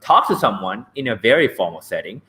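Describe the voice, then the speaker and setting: A man's voice: fairly low pitch, very animated, brisk, sharp tone. A man teaching an English reading lesson, chatty, ending points with "right?". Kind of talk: online lecture.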